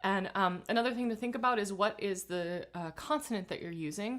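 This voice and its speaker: A woman vocal coach leading a live online singing warm-up in a relaxed, chatty way, humming and singing examples between instructions. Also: medium pitch, brisk, hardly any pauses. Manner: relaxed, chatty guidance with hummed and sung demonstrations.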